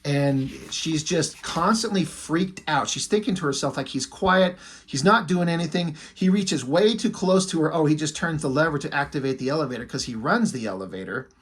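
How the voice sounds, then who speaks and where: Husky-voiced man in his forties reviewing comics. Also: fairly high pitch, expressive, brisk, hardly any pauses. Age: 40s. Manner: enthusiastic, profane, retells plots in quotes. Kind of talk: casual review monologue.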